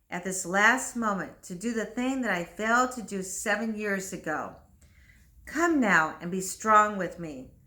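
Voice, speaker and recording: A woman's voice: medium pitch, bright, forceful tone. A woman reading aloud and voicing a dying young male priest who speaks with fervent, solemn passion. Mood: tender pleading. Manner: impassioned, solemn declaiming.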